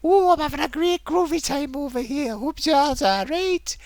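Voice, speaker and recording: A man putting on an excitable male streamer who gushes cheerfully and then rants and shouts. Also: extremely high pitch, normal speed, no room sound, pitched above the performer's own voice. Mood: chirpy. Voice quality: squealing, shouting.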